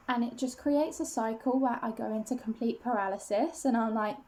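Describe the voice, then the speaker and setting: Chatty woman with a high voice. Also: fairly even intonation, fairly quick, hardly any pauses, darkish tone. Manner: rambling, many fillers and restarts, self-conscious. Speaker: vlogger. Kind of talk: casual confessional chat to camera.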